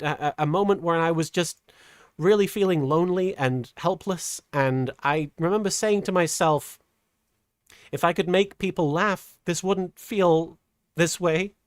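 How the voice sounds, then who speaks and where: A middle-aged woman streamer chatting casually while reading super chats, earnest and halting, with a softened feminine voice. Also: sits low, dry recording, clean studio sound. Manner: earnest, halting with many restarts; voice softened toward a feminine sound. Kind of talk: casual livestream chat.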